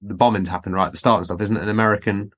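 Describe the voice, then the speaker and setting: Male podcast guest, lower pitch, blunt, incredulous, casual. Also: steady tone, very fast, a bit bright. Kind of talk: casual review chat.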